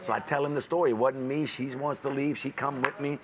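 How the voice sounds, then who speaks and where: A man's voice: medium pitch, steady tone, fast talker. A man at a casino poker table telling a long story, acting out other people's voices and swearing freely. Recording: noisy casino crowd around the table.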